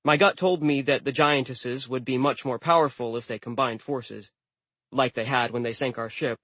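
A man reads a first-person novel aloud in scripted narration, mid-pitched and even. His delivery is wry and deadpan. The recording is dry and close. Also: moderate pace, no room sound. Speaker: audiobook narrator.

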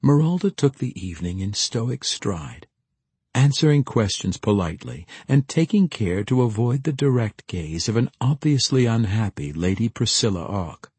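A man narrating a fantasy audiobook with expressive storytelling. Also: mid-range voice, moderate pace, slightly rough, dry recording.

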